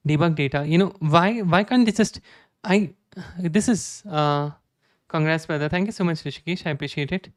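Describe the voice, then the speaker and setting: A man's voice: on the high side, moderate pace, no room sound. Man in his 20s, casual streamer chat, self-deprecating, dry close-mic sound. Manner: chatty, self-deprecating, stammering restarts. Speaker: live coding streamer.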